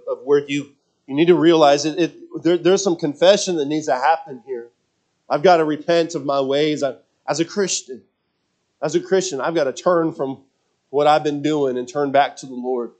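With a voice on the high side and darkish in tone, a man gives a sermon as if thinking out loud. He muses speculatively, restarts his phrases, and poses rhetorical questions to his congregation in a chatty manner.

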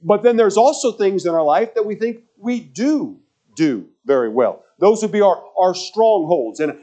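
A man's voice: high voice, animated, normal speed, dark tone. A man preaching a sermon, telling stories with lots of repetition and stumbling restarts. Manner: storytelling with repetition and frequent stammered restarts.

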